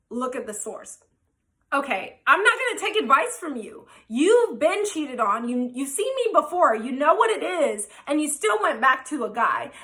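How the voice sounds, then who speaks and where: Brief: young woman vlogger, frank and animated storyteller, high bright voice. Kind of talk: storytime vlog.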